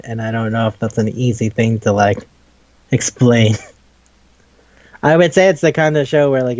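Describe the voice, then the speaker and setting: A man chatting casually on a podcast, rambling and swearing freely as he retells scenes and slips into quick voices for each character. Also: medium pitch, darkish tone, no room sound, highs cut off. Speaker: podcast co-host. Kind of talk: casual chat.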